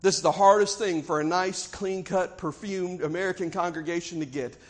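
A man's voice: sits high, normal speed. A man with a Southern US accent preaching a sermon, telling a story in a folksy, emphatic way and repeating phrases for effect.

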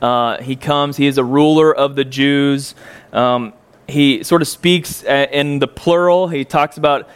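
A man's voice: medium pitch, fairly even intonation, measured pace, clean tone. A male preacher giving a conversational sermon in a church, folksy and joking, with lots of ums and uhs.

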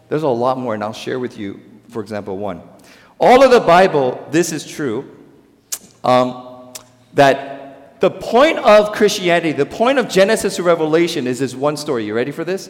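A Korean-born man preaching a sermon as a pastor, with emphatic stresses that fall into quiet, low endings, and quoted voices acted out in dialogue. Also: big-room sound. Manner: emphatic, swings between loud stresses and quiet drops.

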